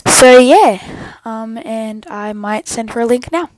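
A woman's voice: a little high, slow pace, a little mellow. A woman hosting a casual podcast with a cough, often apologising for interruptions. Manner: apologetic, keeps excusing interruptions. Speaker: podcast host. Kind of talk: casual chat.

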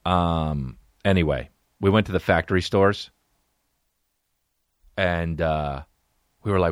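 A man's voice: low-pitched, slow pace, pauses often, clean tone, dry recording, clean studio sound. A man hosting a solo comedy podcast, ranting and riffing with profane, exaggerated stories. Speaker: podcast host.

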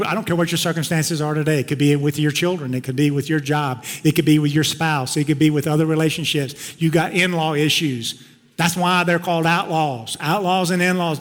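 A man preaches a sermon in a conversational, emphatic storytelling manner. His voice sits a bit high for a man. A long reverb trails his words through a church sanctuary. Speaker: pastor.

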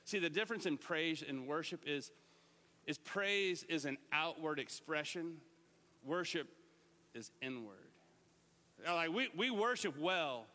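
High, bright-voiced preacher in a hall. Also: male voice, unhurried. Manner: lively, joking, talks straight to the congregation. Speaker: pastor. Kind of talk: sermon. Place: church sanctuary. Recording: live church sermon with hall reverb.

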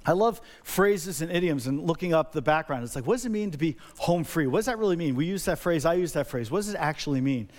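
A man's voice: fairly high pitch, animated, fast talker, hardly any pauses. A middle-aged male pastor preaching a sermon, emphatic and repetitive, building energy by repeating phrases.

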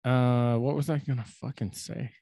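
A man's voice: medium pitch, fairly even intonation, moderate pace, creaky, warm tone, no echo, clean studio sound. A young man co-hosting a casual podcast, rambling and crude, mocking himself and laughing often. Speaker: podcast co-host.

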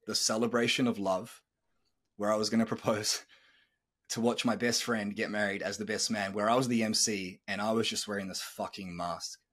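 Man, 30s, podcast host, husky voice, lowish pitch, candid and earnest, swears casually. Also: a bit bright. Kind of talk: personal storytelling on a podcast.

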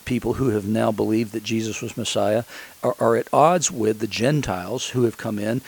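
A male pastor delivering a sermon in a low, gravelly voice with a husky edge. He tells the story in a loose, conversational way and keeps stopping to restart his sentences. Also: normal speed, darkish tone, rough recording.

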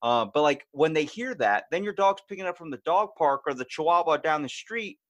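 A man hosting a casual podcast, talking in a loose and animated way. He swears freely and slips into put-on voices to act out his stories. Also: fairly high pitch, a little fast. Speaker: podcast host.

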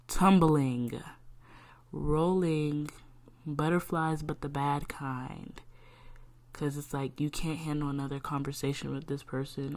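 A woman's voice: low voice, a little mellow. A young woman hosting a podcast, talking candidly about worry and faith and often talking to herself aloud. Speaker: podcast host. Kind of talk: personal faith talk.

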